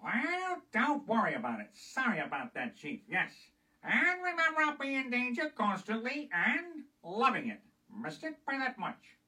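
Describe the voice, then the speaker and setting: A man's voice: extremely high pitch, wildly swooping pitch, normal speed, pushed and bright, distant mic, voice pushed up, heavily acted, low-quality recording. A man doing an impression of a bumbling middle-aged male TV spy, with a clipped, catchphrase delivery. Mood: cocky.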